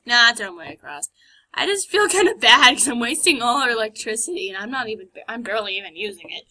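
A woman's voice: on the high side, very animated, quick pace, sharp tone, rough recording. A woman giving casual gameplay commentary, chatty and self-mocking, often muttering and whispering to herself. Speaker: game let's-player.

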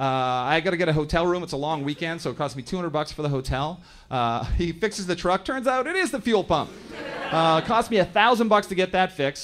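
A Canadian man in his thirties working a comedy club stage through a handheld mic. His voice sits a little high, and he tells family stories in a loose, conversational way, now and then acting out other people in quick voices. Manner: storytelling, acts out other characters in quick voices. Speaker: stand-up comedian. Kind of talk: stand-up comedy set.

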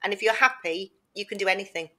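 A woman's voice: medium pitch, quick pace, sharp tone. A woman co-hosting a casual podcast chat, talking in an earnest, emphatic and encouraging way. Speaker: podcast co-host.

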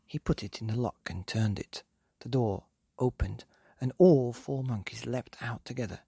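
A man narrates a bedtime story, his voice gravelly and husky, rising and falling lively as he reads. The sound is close and dry, with no room around it. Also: medium pitch, moderate pace, no echo. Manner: gentle, animated storytelling. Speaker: podcast storyteller.

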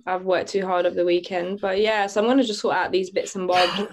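A woman's voice: lowish voice, fairly even intonation, fairly quick, background noise. A woman, co-hosting a casual podcast and complaining with emphatic, mock-indignant banter. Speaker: podcast co-host.

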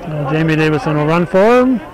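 Middle-aged male local sports announcer, higher-pitched, easygoing and talkative, live outdoors with crowd behind. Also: brisk, poor audio. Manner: chatty, relaxed, corrects himself, aside-prone. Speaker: play-by-play announcer. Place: outdoor softball field. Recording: crowd noise at an outdoor ballfield.

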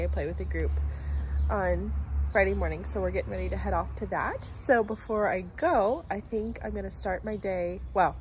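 A woman's voice: mid-range voice, a little mellow, a little hiss or hum. A congested woman in her thirties, chatting casually as she vlogs her day and laughing often. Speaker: vlogger. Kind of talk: casual vlog narration.

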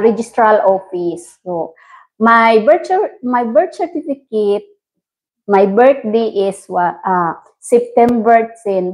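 A woman from the Philippines with a Filipino accent, hosting a casual livestream and chatting with viewers in halting English. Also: fairly high pitch, a little mellow, rough recording. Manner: slow, halting non-native English with frequent laughs. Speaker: livestream host. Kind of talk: casual livestream chat reading viewer comments.

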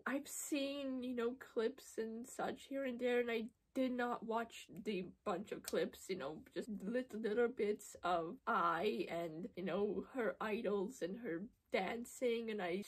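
A woman's voice: fairly high pitch, slightly rough. A woman hosting an anime reaction video, exclaiming and gasping at the screen and rambling casually with lots of fillers. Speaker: anime reaction channel host.

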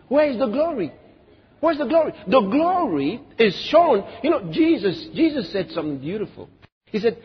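A man's voice: sits high, sing-song, normal speed, breathy edge. A man preaching a sermon as a pastor, asking the listeners questions and acting out the words of others. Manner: emphatic preaching with rhetorical questions and quoted voices. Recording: reverberant hall, dull lo-fi sound.

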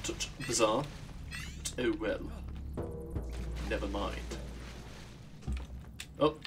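A man's voice: on the low side, very slow, music in the background. A man giving wry, sweary commentary while playing a game. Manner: sweary, wry, talking to himself. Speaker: streamer. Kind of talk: casual gameplay commentary.

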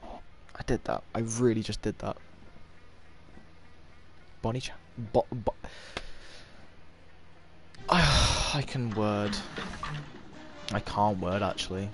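A sixteen-year-old boy streaming a game, excitable and swearing, shouting at the game. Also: fairly low pitch, slow, pauses often, soft background music. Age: teens. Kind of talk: live gameplay commentary.

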